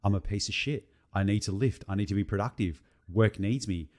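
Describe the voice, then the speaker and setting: A young man co-hosting a podcast, telling a story in an animated, profane, casual way. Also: lowish voice, fairly quick. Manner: animated, swears freely, tells stories. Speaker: podcast co-host.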